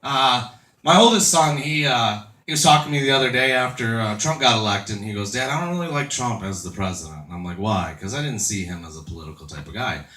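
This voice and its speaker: A man's voice: mid-range voice, fast, sharp tone. A man in his thirties doing a crude, self-mocking stand-up set, chatting with the crowd from a club stage. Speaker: stand-up comedian. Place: comedy club stage before a laughing crowd. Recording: echoey club room, mic heard from a distance.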